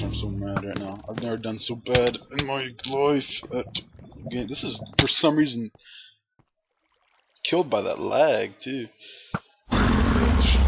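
A gaming commentator with a low-ish, creaky voice casually narrates the game he's playing, talking to his viewers and bursting out in frustration. Loud background noise fills the recording.

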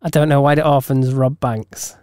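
A man's voice: medium pitch, fairly even intonation, moderate pace, darkish tone, clean tone, no room sound. A man co-hosting a podcast in casual chat, laughing often, with dry, teasing humour. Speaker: podcast co-host.

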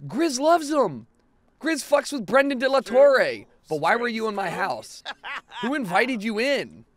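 A young man giving profane, excitable let's play commentary as a gaming video host, now and then bursting into shouts. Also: sits high, no room sound.

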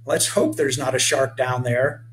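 A man's voice: medium pitch, fairly even intonation, a little slow, a little hiss or hum, close to an everyday voice. A man doing a teasing storybook mother. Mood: scolding. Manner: exclaiming, teasing. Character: protective young mother, teasing and alarmed.

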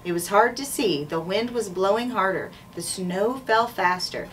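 A woman school principal reading a children's chapter book aloud in a clear, measured way. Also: medium pitch, fairly bright tone. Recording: distant mic, faint background noise.

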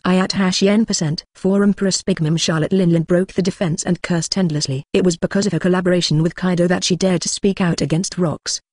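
A text-to-speech voice reading an audiobook in a flat, even manner. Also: medium pitch, a little fast, few pauses, no room sound, studio quality. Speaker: audiobook narrator. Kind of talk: scripted narration.

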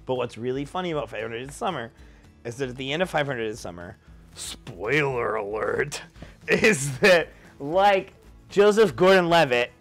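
A drunk young man telling a rambling story, jumping into loud high-pitched quotes. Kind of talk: tipsy rambling anecdote.

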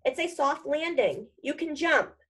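A woman's voice: high voice, lively intonation, unhurried, pitched above the performer's own voice. A woman reading aloud and voicing a brave young schoolboy wizard, urgent in a tight spot.

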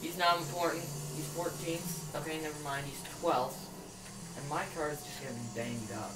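A young man giving excitable, exclaiming commentary while playing a racing game. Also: a little high, moderate pace. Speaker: gamer. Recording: echoey room, faint noise.

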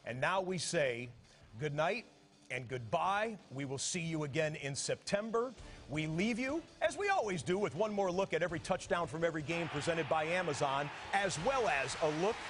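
A man's voice: fairly high pitch, animated, moderate pace, fairly bright tone. A man hosting a live sports broadcast from a TV studio, signing off with emphatic, effusive announcer delivery. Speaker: sports TV host.

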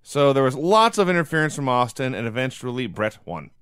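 A man's voice: medium pitch, very animated, a little fast, a bit bright, smooth, dry recording. A man hosting a podcast, recapping old shows in a dry, wry casual manner. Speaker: podcast host.

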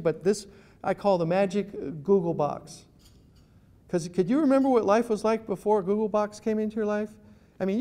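A middle-aged man with a high voice gives a humorous talk to a live audience at an ethics chapter meeting. He tells stories and acts out the voices of the people in them. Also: a little mellow. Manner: storytelling, acts out voices in his anecdotes. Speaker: guest speaker.

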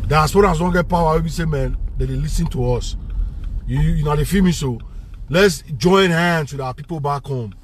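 Nigerian Pidgin-accented man, impassioned vlog rant, a touch high-pitched, faint car noise in background. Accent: Nigerian Pidgin English. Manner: heated, repetitive, mixing Pidgin and English. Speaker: vlogger.

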